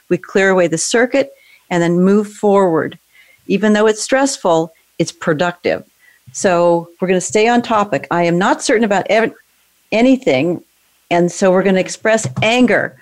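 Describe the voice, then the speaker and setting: Woman coach talking someone thru an exercise, calm, gently prompting, middle pitch. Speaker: emotional brain training coach. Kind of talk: guided coaching session.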